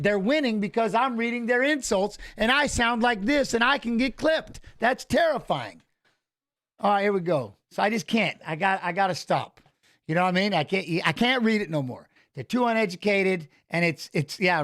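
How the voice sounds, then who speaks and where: A middle-aged man hosting a live fight watch-along, laughing often, stammering and restarting, and shouting coaching cues at the screen. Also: sits high, expressive, normal speed.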